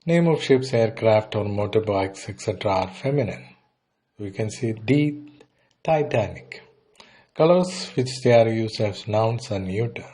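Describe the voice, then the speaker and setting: A man's voice: lowish voice, animated, a little slow, mellow. A man teaching a beginner language lesson. He says each phrase, then translates it plainly, and sometimes restarts a word partway through.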